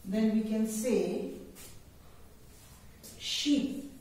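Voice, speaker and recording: An Indian English woman, a kindergarten teacher, drills phonics words at a very slow, measured pace, naming each one by itself. Her slightly high voice sits in a strongly echoing room, picked up from some distance with a faint hiss underneath. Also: darkish tone. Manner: deliberate word-by-word dictation, repeating each word in lists.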